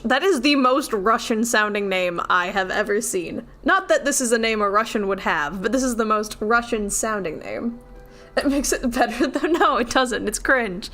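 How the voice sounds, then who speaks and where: A woman's voice: on the high side, lively intonation, normal speed, a bit bright. A woman streamer giving casual commentary while she plays a game. She talks in a jokey, self-mocking way and pokes fun at herself as she goes. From Seattle, US.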